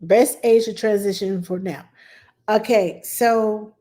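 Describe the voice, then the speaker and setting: A nanny answering viewers' baby questions in casual talk, reassuring and lively, acting out baby sounds and repeating "yes" for emphasis. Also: female voice, mid-range voice, slow pace. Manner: animated, acts out baby talk and her own quotes.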